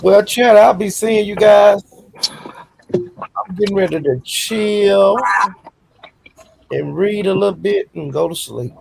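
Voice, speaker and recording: Older woman guest, gravelly low voice, sleepy late-night chatter. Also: takes it slowly, long pauses, a little mellow, a little hiss or hum. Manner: drowsy, easygoing. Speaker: live stream guest. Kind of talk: casual late-night chat.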